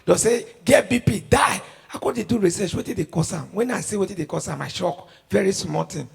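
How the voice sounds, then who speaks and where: Young Nigerian man, stand-up comedy in Pidgin, raspy gravelly voice, fairly high. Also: brisk. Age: young adult. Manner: storytelling in Nigerian Pidgin, animated. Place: live comedy show venue.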